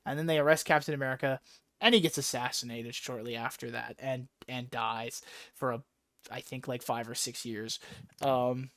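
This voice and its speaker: Excitable profane man with a sore throat. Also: mid-range voice, normal speed, dry recording, clean studio sound. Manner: excitable, profane, acts out characters' lines. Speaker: podcast host. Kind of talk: casual chat.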